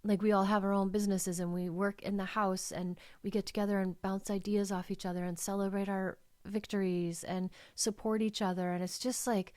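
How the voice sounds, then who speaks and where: A woman's voice: mid-range voice, flat delivery, a little fast, hardly any pauses, darkish tone, dry recording. A middle-aged woman hosting her own podcast, talking in a heartfelt, emotional and rambling way, full of "like"s. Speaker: life coach and podcast host. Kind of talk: personal podcast monologue.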